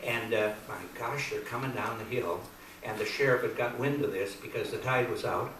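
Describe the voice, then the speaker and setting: A man's voice: medium pitch, normal speed, a bit bright. A man telling folksy jokes live on stage in a grange hall, chuckling through his stories with easy fillers. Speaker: comedian and folk entertainer. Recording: echoey hall from far off with room noise.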